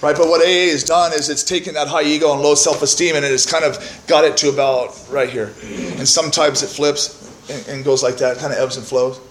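A man's voice: fairly high pitch, steady tone, a little fast, echoey room, a little hiss or hum. A man telling his own story to a recovery meeting from the podium, candid and self-mocking, swearing freely and often tagging "right?" onto his points. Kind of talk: personal testimony to a meeting. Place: meeting room. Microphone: podium microphone.

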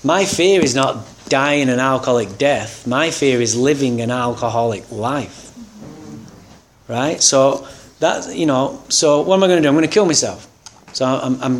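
A man telling a candid, wry personal story about his recovery, acting out the people in it. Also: medium pitch. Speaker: speaker sharing a recovery story.

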